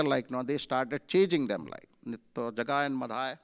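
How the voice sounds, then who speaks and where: A temple speaker in the temple hall tells a sermon story conversationally, full of fillers and retold with animation. He speaks at normal speed in a clear, resonant, medium-pitched voice.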